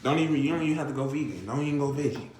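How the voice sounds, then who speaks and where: A man's voice: medium pitch, animated, racing, darkish tone, echoey room, a little hiss or hum. Cursing man ranting to the camera. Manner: repetitive, rhetorical questions, heavy cursing. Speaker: vlogger. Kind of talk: profane comedic rant.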